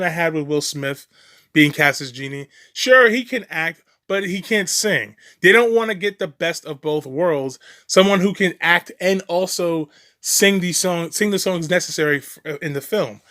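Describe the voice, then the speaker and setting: A man with a notably high voice delivers a ranting reaction commentary. He is profane, sarcastic and mocking, and he rambles with restarts and short laughs. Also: sharp tone.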